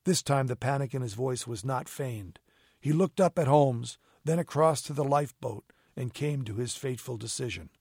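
Man narrating a story, steady. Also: medium pitch, moderate pace, vocal fry, husky, no room sound, clean studio sound. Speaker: audiobook reader. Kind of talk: scripted narration.

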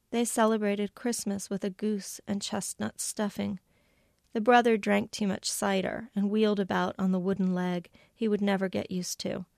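A woman author reading a passage from her novel aloud, measured, lightly voicing the characters' lines. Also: medium pitch, gravelly, a little mellow, no room sound, studio quality. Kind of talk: literary reading.

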